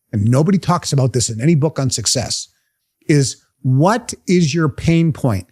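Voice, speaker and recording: A motivational speaker, a man with a fairly high voice that swings widely in pitch. He talks emphatically, pressing his listeners with question after question. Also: a little mellow. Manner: emphatic, fires rhetorical questions. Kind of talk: motivational talk to a live group.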